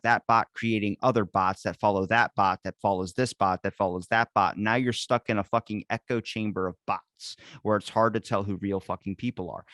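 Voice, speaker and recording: A man hosting a casual podcast chat, telling stories in an animated, profane way. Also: on the low side, dry recording, studio quality. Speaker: podcast host.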